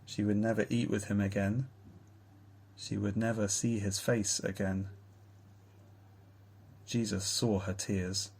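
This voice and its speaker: A man reading a children's Bible story aloud in a slow, tender storytelling manner. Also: on the low side, level tone, darkish tone, breathy edge. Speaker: reader.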